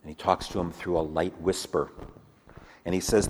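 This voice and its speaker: A man preaching a sermon in earnest, swinging from lively emphasis to hushed, low passages. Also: moderate pace, long pauses, slightly rough, long reverb tail. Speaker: pastor.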